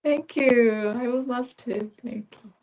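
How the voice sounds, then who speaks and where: A woman guest on a casual livestream, speaking gently and haltingly and laughing easily. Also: a little high, highs cut off.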